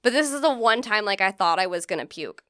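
A woman's voice: medium pitch, expressive, fast talker, bright, forceful tone, clear, resonant tone, dry recording, studio quality. A young adult woman, a comedian guest on a podcast, telling a rambling story in casual chat with many ums and likes.

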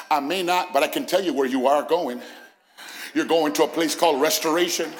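A male senior pastor preaching an Easter sermon in a church, building from quiet reasoning to shouted, sung-out climaxes. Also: fairly high pitch, brisk. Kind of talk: Pentecostal-style Easter sermon. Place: church sanctuary, also broadcast.

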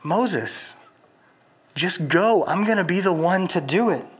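A preacher voicing God as a calm, commanding father figure who reassures and urges. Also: mid-range voice, slow pace, breathy edge. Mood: urging. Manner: reassuring, urging.

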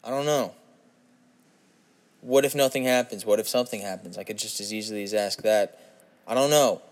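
A man's voice: fairly low pitch, normal speed. A young man hosting a solo podcast, rambling and swearing as he questions himself in frustration while sitting on a toilet. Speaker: podcast host.

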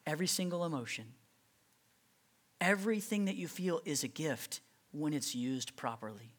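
Casting: lively preacher, mid-pitch voice that swings widely, chatty and direct with the congregation. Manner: conversational, animated preaching with rhetorical questions. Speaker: pastor. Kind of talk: sermon.

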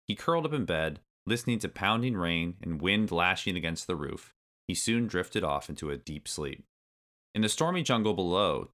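Male storybook narrator, low and bright, very lively delivery. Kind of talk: storybook read-aloud.

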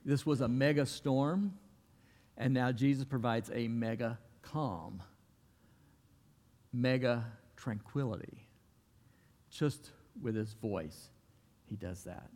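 A man's voice: medium pitch, slow, long pauses, a little mellow. Man preaching a folksy sermon in a reverberant hall. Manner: storytelling, folksy, acts out quoted voices. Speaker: pastor.

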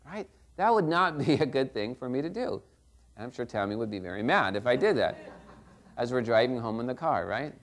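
A man's voice: on the high side, expressive, fast, a bit bright. A middle-aged man preaching a sermon in a conversational way, often checking in with the congregation. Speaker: pastor.

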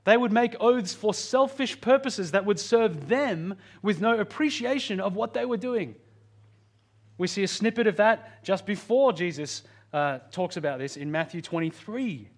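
Earnest high-voiced man preaching. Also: lively intonation, moderate pace. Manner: earnest, varies pitch and pace for emphasis. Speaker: pastor. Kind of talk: sermon.

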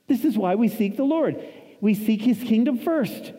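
A man in his fifties preaching with a high, mellow voice, pressing his points through repetition and scripture quotes. The sound rings with a long reverb, as from a large hall. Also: expressive, moderate pace. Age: 50s. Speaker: pastor. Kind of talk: sermon.

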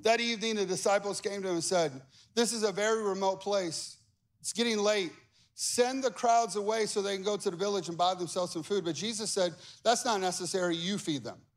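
A man preaching a sermon as pastor, animated and acting out the voices of the people he quotes. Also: high voice, fairly quick.

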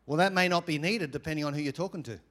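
Australian pastor preaching with humor. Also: male voice, on the high side, very fast. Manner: animated, humorous preaching with asides to the congregation. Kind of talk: sermon.

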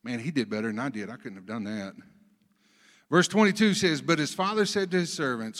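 A man preaching a sermon, telling folksy stories between Bible readings, swinging from soft asides to loud emphasis. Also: mid-range voice, fairly quick, long reverb tail. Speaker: pastor.

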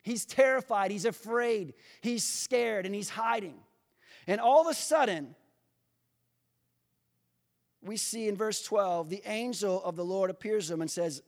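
A male pastor preaching a sermon, speaking directly to his congregation and building to impassioned, near-shouted emphasis. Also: sits high, a little slow, pauses often. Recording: long hall reverb.

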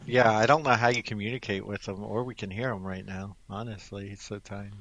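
A young man in casual online chat, deadpan and blunt, often trailing off quietly. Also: on the low side, fairly quick, muffled recording.

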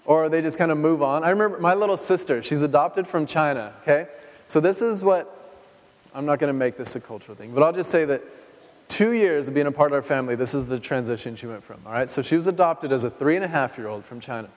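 A man's voice: on the high side, animated, fast. A male pastor giving a conversational sermon, asking his listeners rhetorical questions as he goes. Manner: chatty, full of rhetorical questions. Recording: long hall reverb.

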